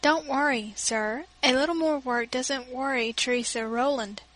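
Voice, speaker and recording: A woman voicing a plainspoken old female servant who is warm but scornful, speaking briskly. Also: high-pitched, rough recording.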